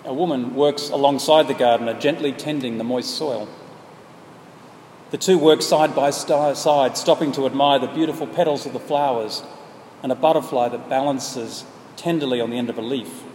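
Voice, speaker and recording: A male preacher narrating a story with earnest, measured delivery. His voice sits mid-range. It echoes through a large hall with faint noise behind. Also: medium pitch, darkish tone. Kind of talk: sermon storytelling.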